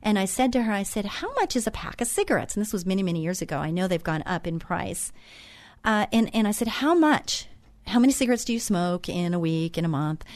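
A woman's voice: lowish voice, fast talker, darkish tone. A middle-aged woman hosts her own talk show with a chatty, folksy way of telling stories. She is earnest and a touch preachy, repeating her lessons for emphasis and filling gaps with um and uh. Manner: chatty, folksy storytelling with frequent um and uh. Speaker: radio show host. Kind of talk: motivational talk show monologue.

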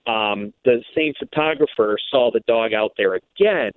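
Over a tinny, dry phone line, a man who works as a radio producer tells a lengthy story as a guest in a phone interview, often restarting and using fillers. His mid-range voice is unhurried and clean-toned in the dry recording.

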